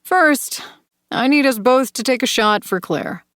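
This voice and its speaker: A woman voicing a smooth, manipulative man in an audiobook thriller, speaking softly and coaxingly. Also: a little high, measured pace, no room sound, clean studio sound, voice pushed up. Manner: soft, coaxing, sinister calm. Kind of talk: audiobook character voice.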